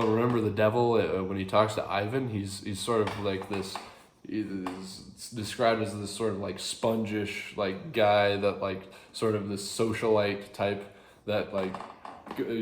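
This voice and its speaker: Man, casual literature explainer, rambling and chuckling, low voice, echoey room. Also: a little hiss or hum. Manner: rambling, chuckling, self-correcting. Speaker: video host explaining a play.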